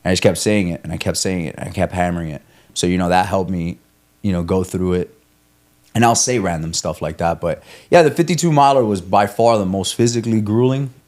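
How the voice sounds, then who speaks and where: A man's voice: sits low, fairly quick, darkish tone. A young man talking candidly on a podcast, rambling and swearing as he tells a running story, often restarting his sentences. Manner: rambling, profane, self-coaching, frequent restarts. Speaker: guest, ultramarathon runner. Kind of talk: candid conversational podcast talk.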